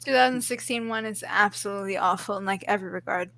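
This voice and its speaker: A woman hosting a live stream, animated in casual chat, swearing freely and laughing often. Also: medium pitch, fast talker, a little hiss or hum, poor audio.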